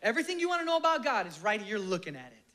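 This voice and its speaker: A preacher delivering a sermon in a somewhat higher voice, full of fervent conviction. He drives his points home with loud emphatic bursts, then drops to a soft, breathy near-whisper. He leads the listeners in prayer with slow, reverent phrasing. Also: very animated.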